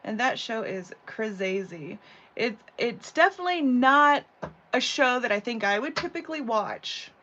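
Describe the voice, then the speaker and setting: A woman's voice: a little high, expressive, unhurried, pushed and bright. A woman hosting a casual live craft tutorial from home, chatting and rambling with lots of "you know" and "like". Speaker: craft channel host. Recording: slightly dull audio with faint background hum.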